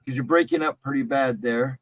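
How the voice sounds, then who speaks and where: Man, livestream host, rambling, easygoing, dry sound, mid pitch. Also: steady tone, brisk, no echo. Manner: rambling, easygoing, laughs often. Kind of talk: casual livestream chat.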